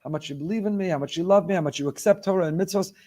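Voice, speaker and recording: Male rabbi, sermon delivery, emphatic and repetitive, voice sits a bit high. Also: rapid-fire, warm tone. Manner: emphatic, repeats key phrases.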